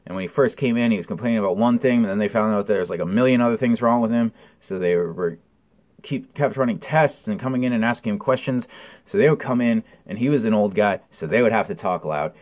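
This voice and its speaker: A man's voice: lowish voice, quick pace, a little mellow. A man giving a casual, candid recovery update, telling a story with lots of ums and blunt swearing. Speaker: vlogger.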